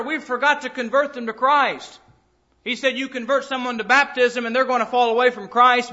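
A man's voice: very high voice, pushed and bright, highs cut off. A man preaching a sermon to a church assembly, emphatic and quoting scripture in old-fashioned wording.

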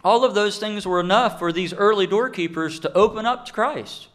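A man preaching a sermon in an emphatic way, slowing down to stress key phrases. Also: high-pitched, a bit bright. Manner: emphatic, with deliberate slowed phrases.

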